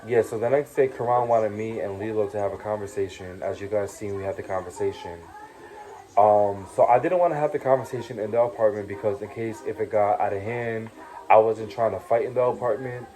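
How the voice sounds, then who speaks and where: A man's voice: on the low side, fairly even intonation, a little fast, dark tone, rough recording. A young man telling his story in a casual vlog, ranting heatedly with lots of profanity and fillers like "you know what I'm saying". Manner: profane, heated rant with repeated taunts. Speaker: reality show cast member telling his story.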